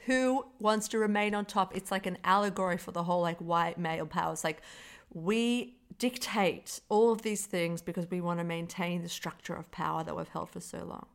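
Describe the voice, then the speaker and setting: Woman co-host, casual film chat, animated, swears a lot, stumbles and restarts. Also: lowish voice, moderate pace, gravelly, hardly any pauses. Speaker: podcast co-host.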